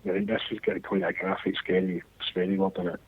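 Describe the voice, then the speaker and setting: A man with a Glaswegian Scottish accent telling a crude anecdote in casual podcast banter, his pitch swinging wide. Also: sing-song, brisk, gravelly, husky. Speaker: guest storyteller. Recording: tinny phone-line sound.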